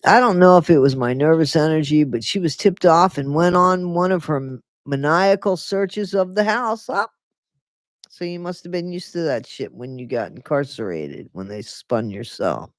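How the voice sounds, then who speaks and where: Animated woman reading aloud with sarcastic asides. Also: sits low, unhurried, dry recording, clean studio sound. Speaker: streamer reading a book aloud. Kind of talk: casual read-aloud with running commentary.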